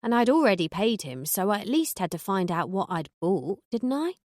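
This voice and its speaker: Casting note: woman, mid-pitched, deadpan first-person audiobook reader, very dry close sound. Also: normal speed, dry recording. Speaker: audiobook narrator.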